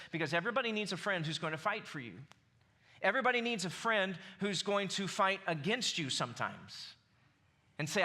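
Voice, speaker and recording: A man's voice: on the high side, animated, fairly quick, bright, forceful tone. A man in his forties with a Southern US accent preaching a sermon, conversational and building to emphatic bursts. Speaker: pastor.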